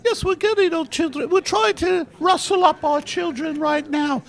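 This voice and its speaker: A man's voice: extremely high pitch, normal speed, fairly bright tone. A man putting on a prissy mother who fakes a British accent. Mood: affected. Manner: prissy, affected.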